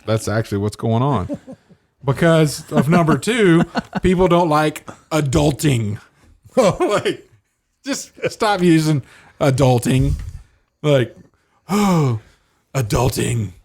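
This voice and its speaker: A man's voice: fairly high pitch, lively intonation, slow pace. A man co-hosting a casual podcast chat, joking and playing with words. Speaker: podcast co-host.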